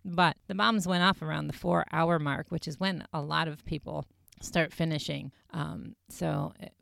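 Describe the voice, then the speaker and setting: A woman's voice: low voice, steady tone, moderate pace, vocal fry, fairly bright tone, no room sound, studio quality. A woman casually recapping a ghost-hunting episode as a podcast host, chatty and full of fillers. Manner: chatty, filler-heavy retelling with frequent "like". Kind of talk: casual chat.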